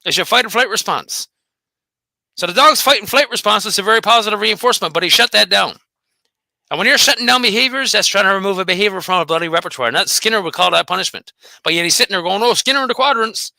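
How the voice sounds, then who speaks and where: Host: man, high bright voice, rapid profane rant, dry close mic. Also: vocal fry, dry recording. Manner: profane, combative, taunting. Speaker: host of a dog behavior channel. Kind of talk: angry solo rant.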